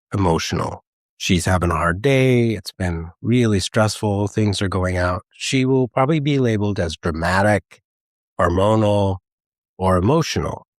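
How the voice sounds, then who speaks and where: A man hosting a podcast, talking in a calm, measured, gentle way in a scripted solo talk. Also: on the low side, dry recording, studio quality. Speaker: podcast host, therapist.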